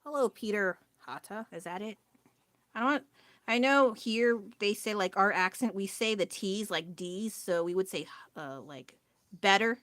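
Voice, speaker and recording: A tired young woman chats casually on a live stream as she paints, her voice mid-range, unhurried and fairly bright. She rambles in a scattered way, loses her train of thought and often laughs at herself with self-deprecating humor.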